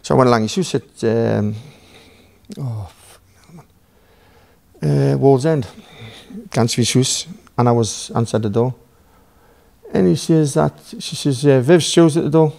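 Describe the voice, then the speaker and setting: A man from Newcastle with a broad Geordie accent and a gravelly, creaky edge to his mid-pitched voice. He tells a rambling story full of swearing and acts out every line of dialogue. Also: a little slow, pauses often, a little mellow. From Newcastle, England. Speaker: podcast guest. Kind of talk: casual storytelling.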